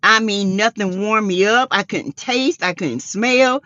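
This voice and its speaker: A middle-aged woman hosting a casual livestream chat, greeting viewers by name and breaking into high excited exclamations. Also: measured pace, highs cut off. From South Carolina. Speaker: livestream host.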